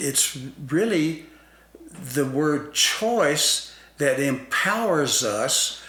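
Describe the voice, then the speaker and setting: Slow, deliberate man in echoey room. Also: mid-range voice, a bit bright. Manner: deliberate, many fillers and restarts. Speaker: guest expert on self-concept. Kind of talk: slow explanatory talk-show conversation.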